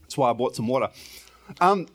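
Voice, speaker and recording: Playful, lively-voiced male pastor. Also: medium pitch, a little fast. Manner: playful, chatty, laughs often, self-deprecating. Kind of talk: informal sermon. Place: church.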